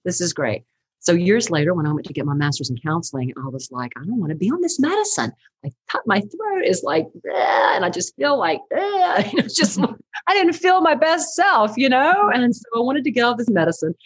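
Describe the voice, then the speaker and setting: A middle-aged woman, a counselor and teacher, telling her story in an animated, chatty way during a podcast interview, laughing often. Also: mid-range voice, brisk, slightly rough, dry recording, rough recording.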